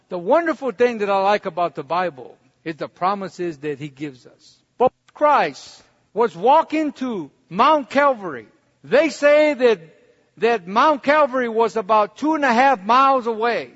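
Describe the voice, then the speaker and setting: A man's voice: very high voice, a bit bright. A man preaching a sermon, telling his own story in a conversational way and building to fervent preaching. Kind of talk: sermon with personal testimony. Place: church hall. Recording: dull recording in a reverberant hall.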